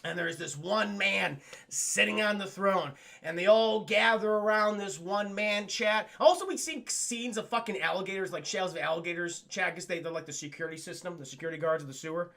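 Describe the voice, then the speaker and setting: A man casually recapping a cartoon episode for his live chat, animated, profane and laughing often. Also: sits high, fairly quick, creaky.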